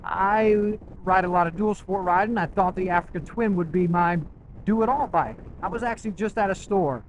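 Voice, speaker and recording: A man's voice: sits high, normal speed, a little hiss or hum, low-quality recording. A man talking casually to camera as a motorcycle vlogger, chatty and enthusiastic, often checking in with "right?".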